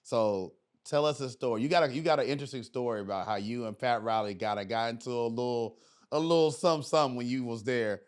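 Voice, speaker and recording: A man's voice: medium pitch, fast, smooth. A man hosting a podcast, asking loose, slangy questions that stumble and restart in a casual interview. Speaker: podcast host.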